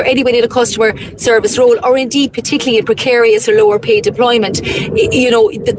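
Irish woman politician on a phone line, earnest, slightly high, faint noise. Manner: earnest, many restarts. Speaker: politician, interviewee. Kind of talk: radio phone interview.

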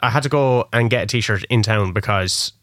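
A man's voice: lowish voice, normal speed, fairly bright tone, dry recording. A man presenting on the radio, bantering in a playful, jokey way in the studio.

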